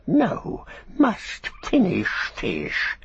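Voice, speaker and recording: A man voicing a wretched, sly male creature who hisses and wheedles in halting phrases, for an audiobook. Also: high-pitched, huge pitch swings, gravelly, husky, no room sound, pitched above the performer's own voice, full character voice. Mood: sulky. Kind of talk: audiobook character voice. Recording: dull, muffled recording.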